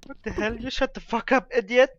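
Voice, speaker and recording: This gamer's voice is very high-pitched and brisk as he talks in broken English during casual game voice chat. He keeps tacking on a stock phrase and trading playful insults, and the recording is slightly dull with a little noise.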